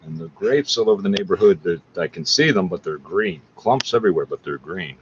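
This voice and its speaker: Low-voiced man talking casually. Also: lively intonation, fairly quick. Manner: rambling, conversational. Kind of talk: casual talk. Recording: dull lo-fi with faint noise.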